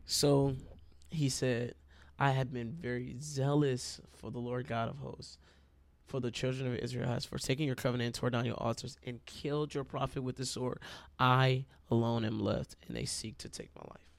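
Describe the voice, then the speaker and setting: Gravelly-voiced preacher man. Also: mid-range voice, level tone, normal speed, no echo. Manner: conversational, addresses listeners as y'all. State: itchy throat. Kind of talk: sermon.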